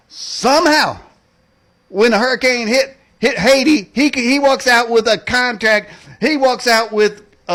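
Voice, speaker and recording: Man, high voice, ranting host, mocking, folksy slang, keeps saying "man". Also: fairly bright tone. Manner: mocking, rambling, laughs at own jokes. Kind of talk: political rant monologue.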